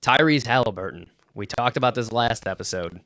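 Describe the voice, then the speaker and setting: A man co-hosting a casual sports podcast at a middling pitch, recorded dry and close. He tells stories with energy, swears freely and acts out what others said in a louder, higher voice. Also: a little fast, no room sound. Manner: animated storyteller, swears freely, acts out quotes loudly. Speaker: podcast co-host.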